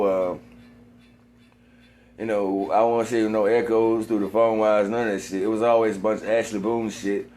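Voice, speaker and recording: A man in a rambling monologue, swearing constantly and repeating himself, sometimes getting heated and loud. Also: medium pitch. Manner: gets heated and loud at times.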